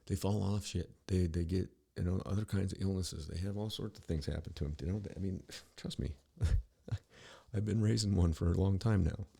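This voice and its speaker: A man's voice: sits low, moderate pace, vocal fry, warm tone, slightly rough. A middle-aged man hosting a podcast, ranting in a rambling, profane, sarcastic monologue full of restarts. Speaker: podcast host.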